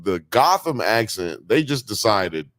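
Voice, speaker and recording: A man's voice: on the low side, big pitch swings, a little slow, fairly bright tone, dry recording, studio quality. A man co-hosting a casual podcast, talking loosely and with lots of profanity, often acting out characters in a mock New York accent. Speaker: podcast co-host.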